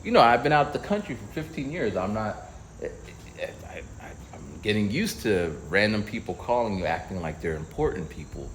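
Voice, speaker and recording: A man's voice: on the low side, big pitch swings, moderate pace, a little hiss or hum, rough recording. A man vlogging while walking outdoors, telling a casual story and acting out other people's voices. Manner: storytelling, acts out quoted voices.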